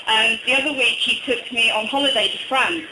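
A man with a slight northern English accent, from Durham, doing a hesitant stand-up comedy set full of ums and deadpan one-liners. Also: extremely high pitch, fairly quick, very noisy. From Durham, England. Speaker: stand-up comic. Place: small bar venue, indoors. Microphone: phone recording from the audience. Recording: echoey bar, phone-recorded.

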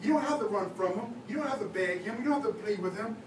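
High-pitched and expressive, the young man talks at a quick pace while preaching as a youth leader. His casual, conversational sermon has many fillers, and the echoey church hall recording was made from far away with noise.

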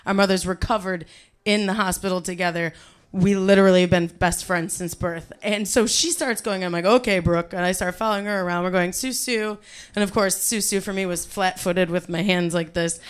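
A woman from Ohio with a Cleveland accent, telling a comic personal story on stage and acting out the quotes. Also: medium pitch. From Ohio, USA. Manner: animated, comic, acts out quotes. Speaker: storyteller guest. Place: club stage before audience.

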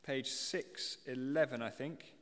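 A man's voice: medium pitch, slow, fairly bright tone. A British man preaching a sermon, explaining a passage and reading scripture aloud to the congregation. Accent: British English. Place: church. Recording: long church reverb.

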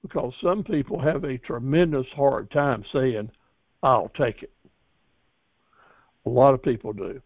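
A man with a somewhat high voice coaches his class in a folksy, encouraging way, often restarting and repeating himself. The sound is thin and tinny, like a phone line, and dry, with no room echo. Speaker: business course instructor. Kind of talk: graduation lecture to a class.

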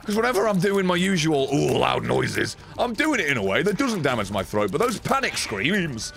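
Man, hoarse strained throat, game streamer, very lively intonation, casual sweary chat. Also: sits high, fairly quick, soft background music. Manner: animated, sweary, jokey, thanks viewers. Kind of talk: casual live-stream chat while gaming.

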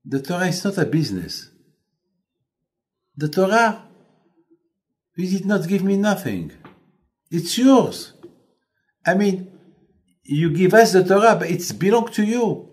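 Man doing moses, humble but indignant, pitch goes all over. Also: lively intonation, measured pace, pauses often, darkish tone. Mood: reverent.

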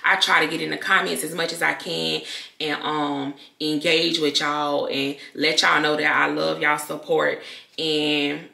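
A woman's voice: sits low, unhurried, vocal fry. Chatty woman vlogger in an echoey room. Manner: chatty, candid, loud and expressive. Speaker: YouTuber addressing her viewers. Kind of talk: casual talk to camera.

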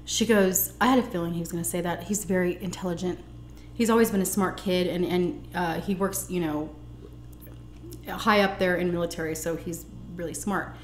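A woman's voice: fairly low pitch, fairly even intonation, moderate pace, echoey room, a little hiss or hum. A young adult woman chatting animatedly as she tells a personal story and acts out the dialogue. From United States. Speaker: vlogger. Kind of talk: storytelling while eating.

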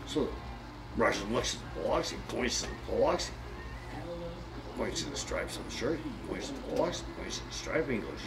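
A man's voice: mid-range voice, brisk, rough recording. A man telling a folksy joke in rambling, colloquial speech with restarts, with banjo music playing behind him. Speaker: storyteller.

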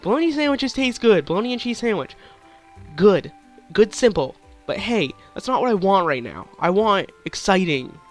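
A man's voice: sits high, very animated, moderate pace, soft background music. A young man with a sore throat giving hyper, giggly, crude gameplay commentary, rambling on. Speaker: gaming YouTuber.

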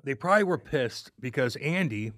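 A man's voice: medium pitch, animated, normal speed, a bit bright, no echo, clean studio sound. A man co-hosting a podcast in casual banter, teasing his co-host and acting out what other people might say. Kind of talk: casual chat, ribbing banter.

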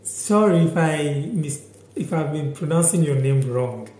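High-voiced Ghanaian man teaching slowly. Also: animated, warm tone, roomy sound, slight background noise. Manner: repeats words slowly, reads out viewer comments. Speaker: language teacher on a live stream. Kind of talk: casual live-stream language lesson.

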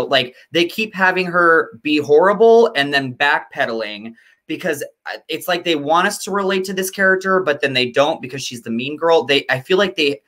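Bright-voiced man, rambling guest reviewer. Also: fairly high pitch. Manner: rambling, hesitant, many "uh"s and restarts. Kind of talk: casual TV review chat.

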